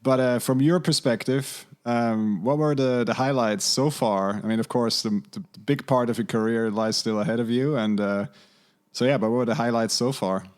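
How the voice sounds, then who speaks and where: A man hosting a podcast, asking questions in a halting way with many fillers and restarts. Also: mid-range voice, a little mellow, smooth. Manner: hesitant, many uhs and restarts. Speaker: podcast host. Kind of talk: casual interview questions.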